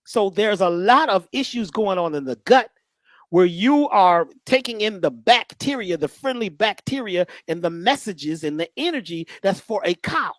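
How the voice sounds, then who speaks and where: A man speaking as a guest in animated storytelling talk that is folksy and joking. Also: high-pitched, normal speed, dry recording. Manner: lively, joking, preacherly, folksy.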